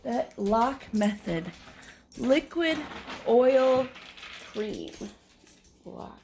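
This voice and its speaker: A woman's voice: fairly high pitch, expressive, extremely slow, darkish tone, a little hiss or hum. A woman talking casually in a rambling, easygoing morning vlog at home by a window. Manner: rambling, easygoing, drifts into whispers. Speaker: vlogger.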